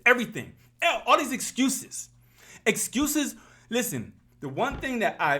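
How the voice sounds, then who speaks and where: A man's voice: fairly high pitch, fairly bright tone, a little hiss or hum. A man, speaking in an impassioned, preachy vlog style and repeating his phrases for emphasis. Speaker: YouTube commentator. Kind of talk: impassioned motivational vlog talk.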